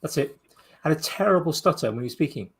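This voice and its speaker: Husky man chatting in rambling restarts. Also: fairly high pitch, expressive, quick pace. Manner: rambling, hesitant, many restarts and fillers. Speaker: podcast co-host. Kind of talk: casual chat.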